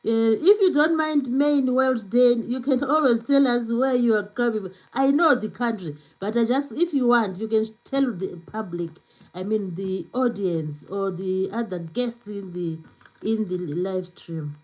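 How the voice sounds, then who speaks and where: A woman's voice: medium pitch, measured pace, poor audio. Chatty woman hosting a live stream. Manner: chatty, filler-heavy with many "you know"s; reads out and answers viewer comments. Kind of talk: casual live stream chat.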